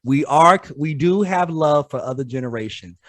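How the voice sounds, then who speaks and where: A man hosting a casual podcast, loud and playful, teasing his co-hosts and swearing freely. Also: a little high, expressive, normal speed, dry recording. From New York. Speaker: podcast host.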